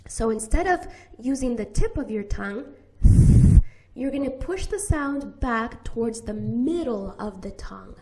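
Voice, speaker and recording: A woman with a General American accent teaching pronunciation, repeating each sound slowly and deliberately. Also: on the high side, expressive, noisy background. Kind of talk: slow, careful pronunciation lesson.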